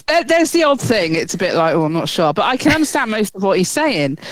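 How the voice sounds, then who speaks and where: A woman co-hosting a chatty podcast, spinning a story with frequent giggles. Her pitch swoops around expressively as she talks. The recording is dry and close, with no room sound. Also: sing-song, a little fast, dry recording. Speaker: podcast co-host. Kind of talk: casual chat.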